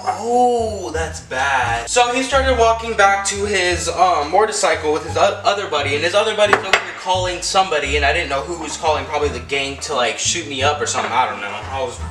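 A young man from California, telling a story at home in an animated, excitable way, full of fillers and acted-out quotes. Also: a little high, quick pace, hardly any pauses, noisy background. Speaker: vlogger. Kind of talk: storytime vlog. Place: at home indoors. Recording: echoey room, mic at a distance.

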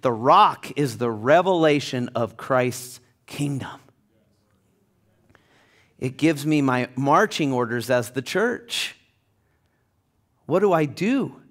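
A man pastor preaching a passionate sermon in a church, building to loud emphatic peaks. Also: mid-range voice, expressive, takes it slowly, long pauses. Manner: passionate, rising to near-shouting. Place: church sanctuary.

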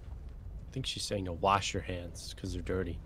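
A man's voice: low-pitched, level tone, measured pace, a bit bright, slight background noise. A young man playing alongside a friend on stream, making dry jokes and yelping when something surprises him. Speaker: co-player. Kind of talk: casual gaming chat.

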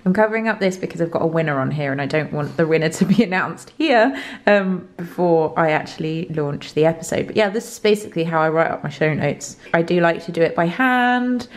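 A woman's voice: a little fast, reverberant. Congested young woman, chatty vlog talk. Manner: chatty, bubbly, talks to her dog in a high baby voice. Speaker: vlogger. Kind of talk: casual vlog chat.

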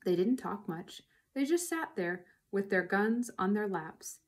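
A woman reading a children's book aloud, narrating in an expressive way. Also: medium pitch, measured pace. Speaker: reader.

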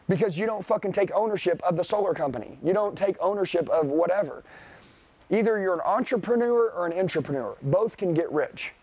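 A fired-up man preaches sales and mindset to a seminar audience, cursing freely and hammering his points home. His voice sits a little high with a gravelly edge. The sound is close and dry. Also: a little mellow, dry recording. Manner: profane, blunt, fired-up, addresses the crowd directly. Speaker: sales trainer. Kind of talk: motivational seminar talk. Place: seminar room with a live audience.

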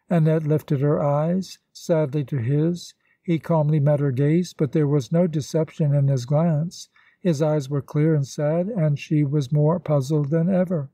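A man narrating a classic novel as an audiobook, with a steady, even reading and a close mic. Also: fairly high pitch, measured pace, dry recording. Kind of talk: scripted narration.

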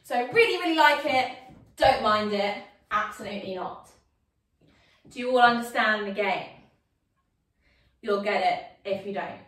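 A woman's voice: mid-range voice, a little slow, pauses often, a bit bright, echoey room, recorded from a distance. A woman leading an online yoga class for young children, playful and sing-song as she calls out poses and games. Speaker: kids yoga teacher.

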